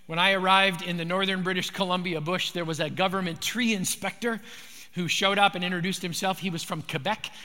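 A man preaching a sermon in a high, bright, forceful voice. He drives his points home with emphatic, repeated phrases, and a long hall reverb trails his words. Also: steady tone, a little fast. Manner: emphatic, repetitive preaching cadence. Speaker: pastor.

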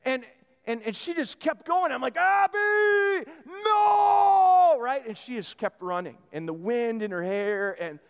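A man preaching a sermon in a church, telling a story in a lively way with many restarts. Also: high-pitched, moderate pace, clear, resonant tone, long reverb tail. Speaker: pastor.

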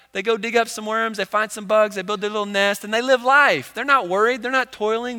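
Man, young adult, pastor, conversational joking sermon, high voice, long hall reverb. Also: pushed and bright. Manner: casual, joking, conversational preaching.

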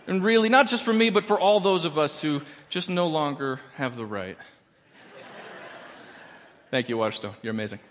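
A man's voice: a little high, normal speed, pauses often, a bit bright, long reverb tail, a little hiss or hum. A man performing a stand-up comedy set in a church, with a wry, playful delivery. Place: church auditorium.

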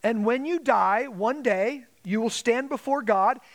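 A man's voice: very high voice, a little slow. A man preaching a Sunday sermon as pastor, with dramatic emphasis and quoted asides.

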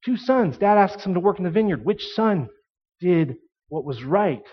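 High-voiced preacher acting out a parable. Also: male voice, expressive, normal speed, husky, dull audio. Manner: storytelling, acts out quoted voices. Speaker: pastor. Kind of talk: sermon.

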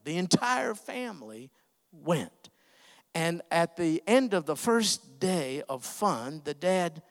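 A man preaching a sermon, telling an emotional story with frequent pauses and hesitations. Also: fairly high pitch, big-room sound.

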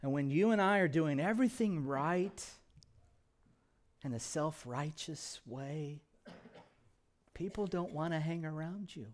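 A man with a notably high voice delivers a sermon as pastor. He presses his listeners with rhetorical questions and swings between emphatic lines and quiet, hushed ones. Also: unhurried, long pauses.

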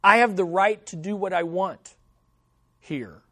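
A man's voice: measured pace, bright, forceful tone, no echo, clean studio sound, full character voice. A man putting on a snarling mafia boss with a mock Italian accent. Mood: possessive. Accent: put-on Italian. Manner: low, snarling, possessive. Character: snarling mafia boss claiming his turf.

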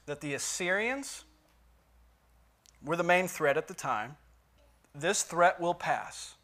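Male Bible teacher, slightly higher voice, chatty, asks the class questions, reads verses with force. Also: fairly bright tone. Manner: conversational, asks the listeners questions, reads scripture aloud with emphasis. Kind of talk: Bible study lesson.

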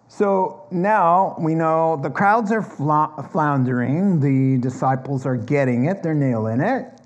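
A male pastor delivering a sermon at an unhurried, deliberate pace, with a voice of middling pitch. He teaches scripture patiently in a conversational way, then presses his key points with earnest emphasis. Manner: earnest, emphatic preaching that climbs higher and louder on key points. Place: church.

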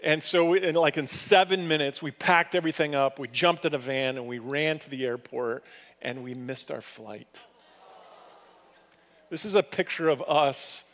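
Male pastor, fairly high voice, conversational storytelling sermon, long hall reverb. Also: normal speed. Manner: storytelling, conversational with lively swings in pitch and loudness.

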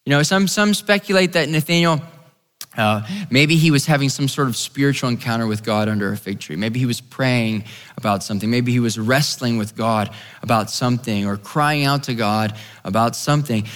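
A man's voice: mid-range voice, moderate pace, fairly bright tone. A man giving a conversational sermon, often repeating phrases and acting out the quoted lines of the story. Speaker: preacher. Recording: long reverb of a large hall.

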